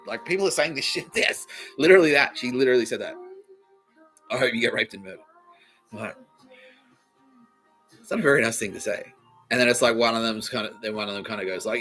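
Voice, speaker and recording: Australian man, young, comedy podcast host, swearing and laughing, bright tone, faint music behind. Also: medium pitch, expressive, a little fast, long pauses. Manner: profane, laughing, acts out quoted people. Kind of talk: comedic storytelling monologue.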